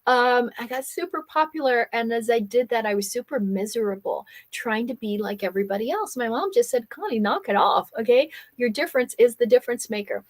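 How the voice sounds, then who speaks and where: Hosting a live coaching workshop, the woman, who is from Germany but has no accent in English, makes a persuasive sales pitch for her program over webinar. "Okay?" and "right?" come up all the time as she checks in.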